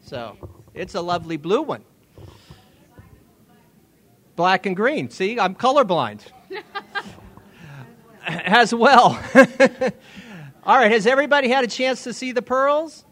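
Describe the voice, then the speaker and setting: High-voiced man hosting a charity auction. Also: sing-song, slow. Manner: chatty, laughs often, warm asides. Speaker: event host. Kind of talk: casual event hosting.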